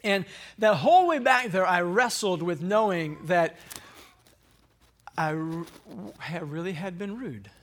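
Speaking a little slowly in a high, somewhat bright voice full of expression, this thirtysomething man shares his own faith story casually. His talk wanders, packed with fillers and false starts, and he often laughs at his own expense.

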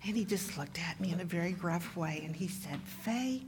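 A woman's voice: fairly low pitch, steady tone, brisk, a little hiss or hum. A woman in her sixties sharing a personal story as a guest in a church service, talking with many ums and restarts. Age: 60s. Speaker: guest speaker, pastor's mother.

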